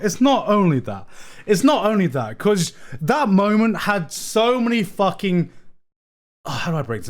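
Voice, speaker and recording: A young man talks on a live stream in a high voice that leaps up and down. He is excitable and swears freely. He keeps circling back and repeating his words. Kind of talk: casual live-stream chat.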